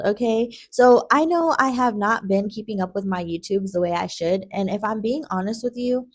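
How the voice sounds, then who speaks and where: A woman's voice: mid-range voice, moderate pace, hardly any pauses. A young adult woman, a lash artist, talking the viewer through a tutorial in a chatty, casual way, calling them girl and checking in with "okay?". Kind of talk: tutorial vlog with casual chat.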